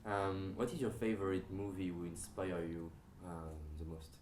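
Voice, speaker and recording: Low-voiced hesitant interviewer, roomy sound. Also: male voice, a little mellow. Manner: hesitant, halting phrasing with fillers. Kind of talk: interview questions. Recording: roomy sound with faint background noise.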